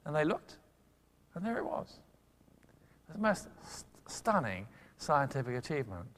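An older man giving a public lecture, telling a science story with lively emphasis and quick asides. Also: a little high. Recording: long hall reverb.

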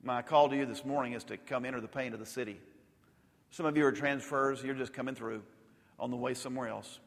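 A male pastor preaching a sermon, rising to loud emphatic peaks and dropping to soft, intimate lows. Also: steady tone, fast talker, vocal fry. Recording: long hall reverb.

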